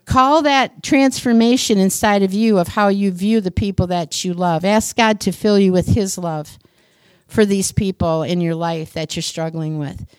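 A woman's voice: medium pitch, steady tone, normal speed, clean tone, no echo, clean studio sound. A woman preacher giving a sermon, earnest, repeating phrases for emphasis and telling stories.

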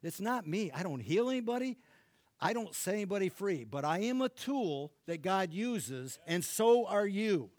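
A middle-aged man from Michigan preaching a sermon and leading prayer, fervent and rising to loud exclamations. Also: high-pitched, big pitch swings, normal speed, dry recording. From Michigan, USA. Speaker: pastor.

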